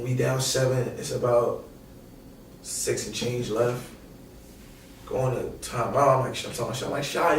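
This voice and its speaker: Young New man, guest, casual slangy storyteller; roomy echo, mic set back. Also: medium pitch. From New York. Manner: animated, slangy, profane, acts out quotes. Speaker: podcast guest, former college basketball player. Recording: echoey room, distant mic, faint noise.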